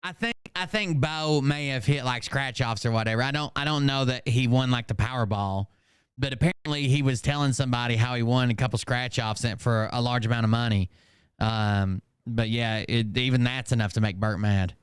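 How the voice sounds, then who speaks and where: A man's voice: medium pitch, a little fast, smooth, no room sound. Crude mocking male commentator. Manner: crude, mocking, dry jokes. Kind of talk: sarcastic reaction commentary.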